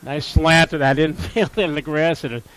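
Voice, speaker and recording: A man calling college baseball play-by-play, steady and informative, lifting his voice sharply on big plays. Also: a little high, normal speed, rough recording. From Upper Midwest US. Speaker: play-by-play announcer.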